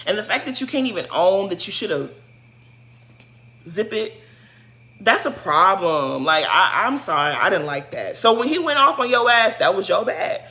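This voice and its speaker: A woman giving a casual, sassy recap of a reality show, scolding a cast member in animated slang. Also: medium pitch. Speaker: show commentator.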